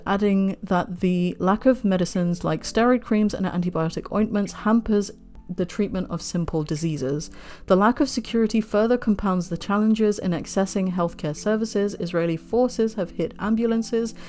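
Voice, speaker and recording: A woman's voice: mid-range voice, moderate pace, dark tone, faint music behind. A woman reading news articles aloud, breaking off into heated, sweary asides as she holds back tears.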